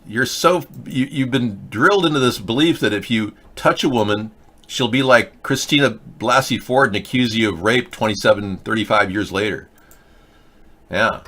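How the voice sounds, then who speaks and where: Blunt, lecturing man with a bright voice. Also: medium pitch. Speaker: host. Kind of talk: live video chat commentary, answering viewer comments.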